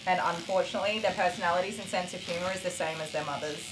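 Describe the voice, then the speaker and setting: A middle-aged Australian woman hosting a dog-grooming livestream, telling animated stories with laughs while she works. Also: fairly low pitch, racing. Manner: animated, laughing, acts out voices in anecdotes. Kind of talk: chatty livestream storytelling while working. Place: indoor grooming room. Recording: roomy echo, faint clipper noise. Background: electric clipper buzz.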